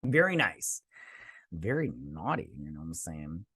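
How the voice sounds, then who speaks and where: A man's voice: low-pitched, big pitch swings, unhurried, bright, forceful tone, slightly rough, no room sound, studio quality. Rambling man reviewing a TV episode. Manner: rambling, lots of fillers and restarts; acts out characters' lines in mocking voices. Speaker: TV review host. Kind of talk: casual spoken review.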